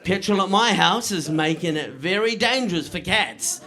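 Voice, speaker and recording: A man's voice: high voice, moderate pace. Punchy New man doing stand-up. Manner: punchy, deadpan delivery with frequent "right?" asides to the crowd. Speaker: stand-up comedian. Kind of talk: stand-up comedy set.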